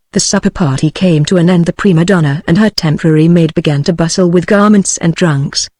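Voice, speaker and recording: A text-to-speech voice of a woman with a British English accent, reading a novel aloud in an even, steady way. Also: lowish voice, dry recording, clean studio sound. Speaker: audiobook narrator. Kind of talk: synthetic audiobook reading.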